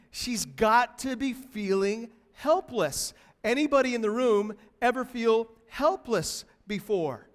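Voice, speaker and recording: A man preaching a sermon to a church congregation, expressive and building intensity as he acts out a pleading cry. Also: high-pitched. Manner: expressive preaching, voices a pleading woman in rising tones. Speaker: pastor. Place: church hall. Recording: long hall reverb.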